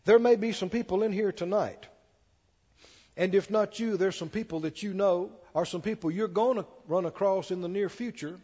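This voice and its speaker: A preacher man with a high voice delivers a sermon, reading scripture aloud with rising emphasis and pressing his congregation with questions. The sound has a long church reverb and a muffled, lo-fi tone. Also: warm tone, breathy edge.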